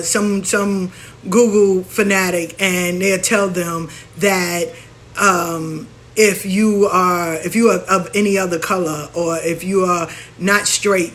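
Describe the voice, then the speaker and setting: Speaking on the low side with a slightly bright tone, a woman who is a spiritual practitioner and show host delivers a frank, animated, casual monologue. She rants and imitates other people as she goes.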